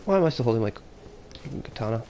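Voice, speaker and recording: A man co-hosting a casual podcast chat, talking in a blunt, excitable, profane way. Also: mid-range voice, quick pace, slight background noise.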